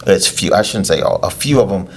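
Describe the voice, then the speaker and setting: A man, a youth lacrosse coach, explaining things in a casual interview with drawn-out hesitations. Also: deep voice, expressive, a little hiss or hum. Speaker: head coach of a youth lacrosse team, podcast guest.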